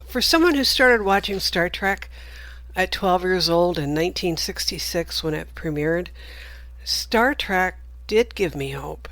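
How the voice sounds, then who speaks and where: A woman in her seventies leaving a heartfelt recorded message, speaking slowly and deliberately. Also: on the low side, lively intonation, a bit bright, no echo. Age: 70s. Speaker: listener caller.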